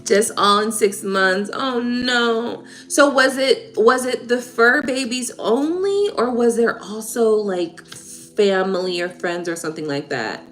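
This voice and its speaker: A woman reading tarot on a livestream, chatting casually and warmly with viewers, laughing and getting emotional. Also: fairly high pitch, slow, few pauses. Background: soft background music.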